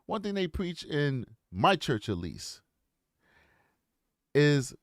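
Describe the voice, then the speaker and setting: A man's voice: a little high, sing-song, slow, long pauses, no echo, studio quality. A man hosting his own channel, telling a personal story and commenting in an earnest, reflective way that builds to impassioned rhetorical questions. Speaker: channel host.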